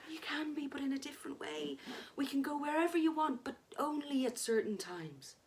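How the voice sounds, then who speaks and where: A woman voicing a calm, soothing ghost husband. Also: high voice, moderate pace, pitched above the performer's own voice, natural voice. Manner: soothing, patient. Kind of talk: dramatic story reading.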